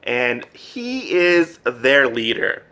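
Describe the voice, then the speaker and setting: A man casually recapping a manga, animated and full of fillers, laughing often. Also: medium pitch, extremely slow, smooth. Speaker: manga reviewer. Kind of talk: casual review chat.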